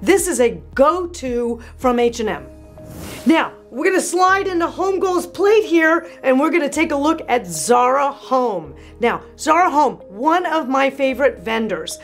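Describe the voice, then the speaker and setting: Brief: high-pitched woman designer host, gushing and excitable, faint music under her voice. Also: measured pace. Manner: gushing, animated, with excited exclamations. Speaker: interior designer and channel host. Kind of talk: enthusiastic product review vlog.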